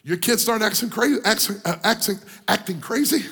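A man preaching a sermon, breaking into sung cadences and shouting at the peaks. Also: sits high, animated, a little fast, husky. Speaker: pastor. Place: church hall. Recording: long hall reverb, organ music behind.

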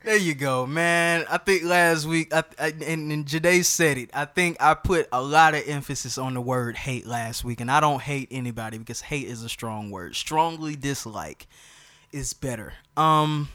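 Male podcast host, fairly high, clear voice; loud, slangy, hyped casual talk. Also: normal speed.

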